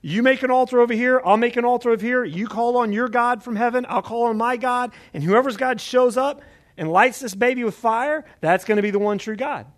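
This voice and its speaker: A preacher playing a brash, bold prophet. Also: male voice, very high voice, brisk, voice pushed up. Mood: challenging. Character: bold male prophet challenging rivals.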